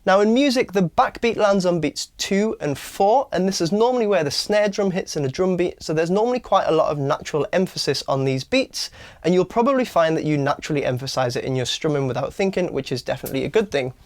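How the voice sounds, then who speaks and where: Man teaching guitar, higher voice. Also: lively intonation. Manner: clear step-by-step explaining, counts beats aloud slowly. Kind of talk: online guitar lesson. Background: acoustic guitar strumming.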